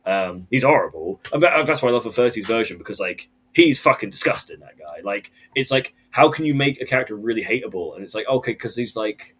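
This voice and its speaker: A man on a casual podcast, ranting with animated, profane energy about a film. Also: on the low side, brisk, hardly any pauses, breathy edge.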